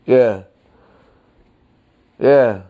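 Slow-talking exasperated male podcast host. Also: mellow. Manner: slangy, exasperated, slow and drawn out with sudden high-pitched mock outbursts. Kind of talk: casual solo podcast commentary.

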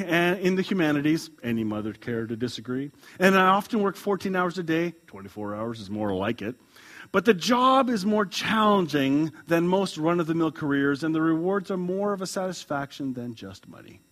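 A man preaching a sermon as a pastor, reading a story aloud, chuckling and swinging between loud and hushed lines. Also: fairly high pitch.

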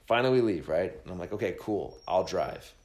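Brief: deep-ish man, rambling swearing storyteller, roomy echo. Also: brisk. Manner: rambling, swearing, animated quoting of friends. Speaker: podcast host telling a story. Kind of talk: casual storytelling, profane.

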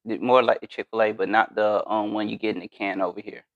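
Man, low gravelly voice, halting, restarts a lot, dull lo-fi sound. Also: level tone, no echo. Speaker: podcast co-host. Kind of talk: casual podcast chat.

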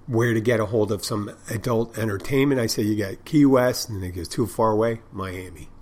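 A man's voice: lowish voice, moderate pace, a little mellow. Rambling, profane man telling bar stories. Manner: rambling, profane, with many restarts. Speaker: bartender and podcast host. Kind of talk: casual storytelling monologue.

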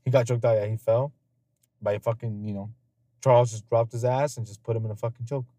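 Podcast host, male, dark mellow tone, dry close sound, swears a lot, loose storyteller. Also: medium pitch, steady tone, fairly quick, no room sound. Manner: laughs often. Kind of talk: casual podcast chat.

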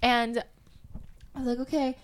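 A young woman with a fairly high voice recounts a personal story in a casual, chatty way. She is animated and often rises to loud, emotional stretches as she relives the tense moments. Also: unhurried.

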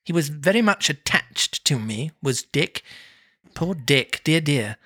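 A narrator voicing an old miser reading from a storybook, soft and slow. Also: medium pitch, expressive. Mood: fond. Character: old miser Scrooge, stirred and wistful.

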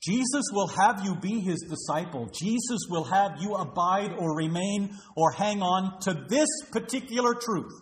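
A man's voice: high-pitched, lively intonation, unhurried, few pauses. A man preaching a sermon as pastor, emphatic and full of rhetorical questions to the congregation, recorded in a church. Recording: roomy echo.

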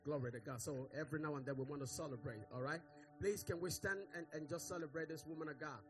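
A man's voice: on the high side, quick pace, faint music behind. A male pastor giving church announcements and leading a birthday celebration, full of "hello" and "glory to God".

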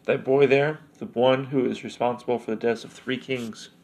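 A man voicing a calm, knowing young woman of a village, speaking in a gravelly voice. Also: medium pitch, normal speed, lightly acted.

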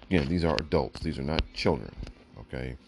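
Over a noisy background, a man with a rumbling low, creaky voice speaks a little fast. He hosts his own podcast, airing blunt, emphatic solo opinions, repeatedly using "look" to drive points home while hiccuping.

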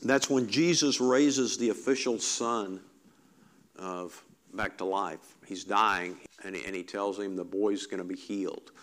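A man's voice: on the low side, steady tone, unhurried. Man preaching a conversational sermon. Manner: conversational, reflective, repeats key phrases.

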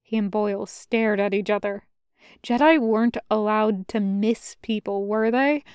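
A woman narrates a fan fiction story in a slow, measured way. Her voice is very clear and a little high, recorded close and dry with no room sound. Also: darkish tone, no room sound. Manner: measured, unhurried reading. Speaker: podfic reader.

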